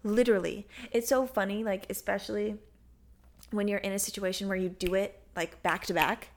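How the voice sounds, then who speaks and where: A woman's voice: mid-range voice, steady tone. Supportive young American woman. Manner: supportive, quick affirmations, playful. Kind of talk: casual conversation.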